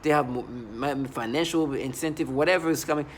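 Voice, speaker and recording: A man vlogs to camera in a personal monologue, earnest and agitated, speaking haltingly with frequent restarts and broken-off words. His voice is medium in pitch, and there's slight background noise.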